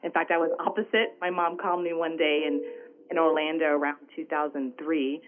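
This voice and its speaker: A woman's voice: sits low, a little fast, narrow, tinny audio. A woman from Houston with a Southern accent, telling stories animatedly as an interview guest. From Houston, Texas. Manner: animated, chatty, frequent "right?" asides. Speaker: guest, entrepreneur. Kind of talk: casual interview storytelling.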